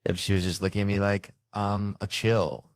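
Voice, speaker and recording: A man with a very low voice performs stand-up comedy. He tells his stories in an animated, foul-mouthed way. The sound is dry and close. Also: normal speed, no room sound. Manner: animated, profane storytelling.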